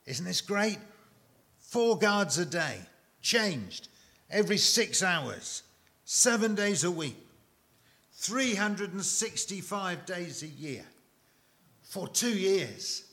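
A man preaching a sermon to a congregation, emphatic and dramatic, with long pauses and repeated phrases. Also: sits high, expressive, fairly bright tone.

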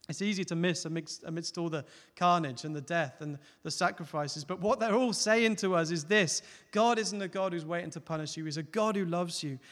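A man preaching a sermon, earnest, rising to loud emphatic peaks and dropping to soft, close appeals. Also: high voice, a little fast, hardly any pauses. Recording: long hall reverb.

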